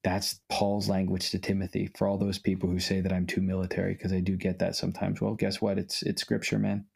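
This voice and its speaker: Gravelly husky man preaching emphatically. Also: deep voice, completely flat delivery, brisk, darkish tone. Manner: emphatic, quotes scripture, repeats lines for emphasis. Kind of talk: conversational preaching.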